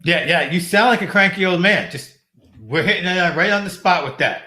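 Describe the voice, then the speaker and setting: Guy hosting, teasing, high bright voice, sounds roomy. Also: lively intonation. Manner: teasing, quick interjections.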